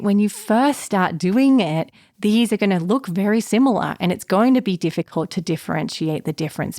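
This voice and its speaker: A woman talks quickly and with real passion as she hosts her own podcast as an anxiety therapist. Her voice sits a little low, and the sound is dry and close with no room around it. Her delivery is casual and encouraging throughout. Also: creaky, darkish tone, dry recording. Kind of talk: casual solo podcast talk.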